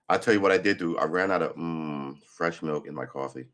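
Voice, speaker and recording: A hoarse man hosting a casual morning live stream, rambling through a story and laughing at himself. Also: rumbling low, fairly bright tone.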